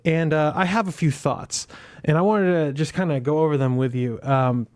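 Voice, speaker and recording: A man's voice: on the high side, moderate pace. A man hosting his own gaming video, chatty and upbeat, laughing at himself. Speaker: gaming channel host. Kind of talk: casual video commentary.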